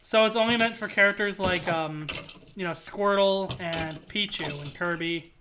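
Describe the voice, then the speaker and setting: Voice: mid-range voice, normal speed, background noise. A streamer chatting casually while playing a game, rambling and joking. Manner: rambling, animated, jokey. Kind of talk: casual gaming stream chat.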